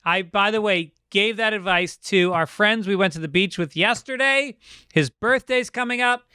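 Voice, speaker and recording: A man's voice: high-pitched, moderate pace, sharp tone, smooth, dry recording, clean studio sound. A man co-hosting a podcast in casual chat, candid and rambling as he tells a story. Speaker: podcast co-host.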